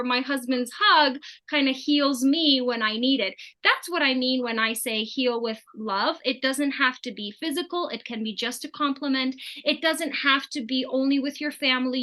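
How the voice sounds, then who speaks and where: A woman's voice: on the high side, a bit bright. A middle-aged woman telling stories as an interview guest, acting out the dialogue she quotes. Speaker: summit guest. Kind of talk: conversational interview storytelling.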